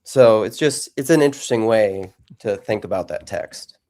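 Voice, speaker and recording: A man's voice: on the low side, moderate pace, mellow. A man hosting a live discussion on theology, thinking aloud with frequent restarts and reading out viewer comments. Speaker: podcast host.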